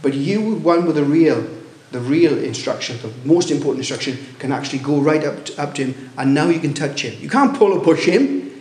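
A man preaching a sermon, telling a story with many restarts and rising excitement at its loud moments. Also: on the high side, roomy sound. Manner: halting, many restarts, rises when telling of shouting.

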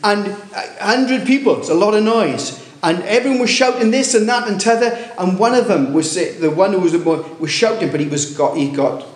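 A man preaching a sermon, telling a story with many restarts and rising excitement at its loud moments. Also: high-pitched, roomy sound. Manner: halting, many restarts, rises when telling of shouting.

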